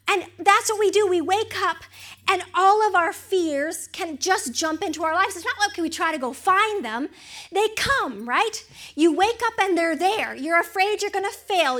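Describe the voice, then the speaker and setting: A woman's voice: very high voice, a bit bright. A woman preaching a sermon, retelling a story with acted-out voices and questions to the audience.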